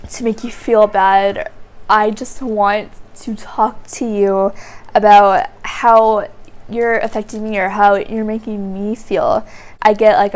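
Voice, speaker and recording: A woman's voice: medium pitch, a little mellow. Earnest rambling young woman vlogger. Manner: earnest, rambling, heavy filler "like". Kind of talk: personal confessional vlog.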